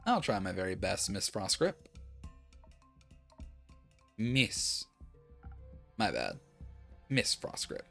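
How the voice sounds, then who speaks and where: A streamer playing a video game, making casual, drowsy, low-key asides while yawning a lot. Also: wildly swooping pitch, slow pace, vocal fry, long pauses, fairly bright tone. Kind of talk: casual let's-play commentary. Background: faint game music.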